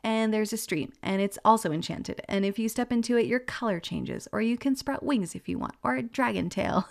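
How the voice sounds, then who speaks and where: Creaky-voiced woman channeling spiritual messages. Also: medium pitch, moderate pace. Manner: relays what she hears and sees, gentle and musing, laughs often.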